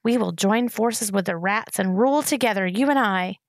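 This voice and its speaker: A woman's voice: medium pitch, moderate pace, no room sound, lightly acted. A woman reading aloud voices a cold, insistent young royal traitor in a storybook. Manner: cold, urgent.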